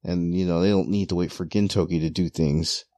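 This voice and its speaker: A man's voice: low-pitched, fairly even intonation, fairly quick, mellow, no room sound. A man speaking as a guest on a podcast in casual chat, enthusiastic and full of "you know.". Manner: enthusiastic, many fillers and restarts.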